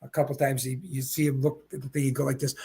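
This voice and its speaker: A man in his seventies from Pennsylvania, a retired bowler and guest, telling rambling, animated anecdotes in casual chat. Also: mid-range voice, fast talker, gravelly, husky. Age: 70s. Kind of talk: casual storytelling.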